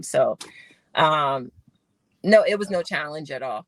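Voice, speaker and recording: Animated Arizona-raised woman, 40s, guest storyteller; bright, dry sound. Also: lowish voice, takes it slowly, dry recording. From Phoenix, Arizona, USA. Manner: animated storyteller, acts out quotes. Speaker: guest, former Olympic sprinter. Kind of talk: casual podcast interview.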